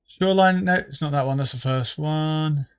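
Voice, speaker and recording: A man's voice: fairly high pitch, normal speed, clear, resonant tone, dry recording. A man live-streaming a game, chatting casually with viewers in a rambling, joking way and swearing freely. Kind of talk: casual live-stream chat while gaming.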